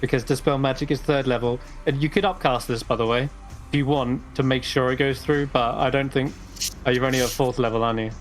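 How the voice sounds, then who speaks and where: A man narrates a tabletop game as dungeon master, easygoing and a little rambling. His voice sits at a middling pitch. Soft music runs faintly behind him. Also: fast. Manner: relaxed, rambling narration with fillers.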